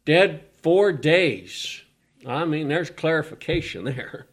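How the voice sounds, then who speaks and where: Male preacher, higher voice, slow deliberate sermon delivery, dramatic swings from hush to loud. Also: expressive. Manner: swells from hushed to loud, repeating phrases.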